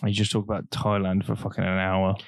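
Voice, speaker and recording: A young man, co-hosting a podcast and trading deadpan, teasing quips. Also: on the low side, a little fast, gravelly, dry recording, clean studio sound. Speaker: podcast co-host. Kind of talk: crude casual banter.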